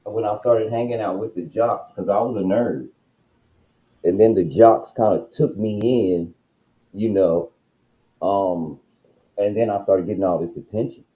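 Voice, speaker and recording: Man, very low voice, dark and mellow tone, direct, personal storytelling, echoey room. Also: measured pace, pauses often. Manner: direct, uses himself as the example.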